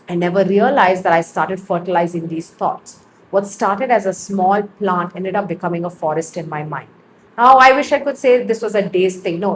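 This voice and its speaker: A young adult woman, an interview guest, telling her personal faith testimony in an earnest, reflective storytelling manner with lively bursts. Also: medium pitch, a little hiss or hum, poor audio.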